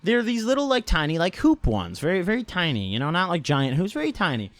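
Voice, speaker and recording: A man's voice: high-pitched, huge pitch swings, quick pace, no room sound. A young man telling a casual storytime in a slangy manner, swearing often and tagging lines with "right?" and "dude". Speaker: vlogger.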